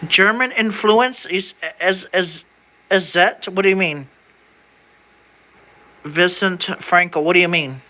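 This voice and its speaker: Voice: mid-range voice, slow pace, long pauses, pushed and bright, low-quality recording. A young adult streamer in casual livestream chat, reading an old document aloud in a slangy way, stumbling over words and sounding them out.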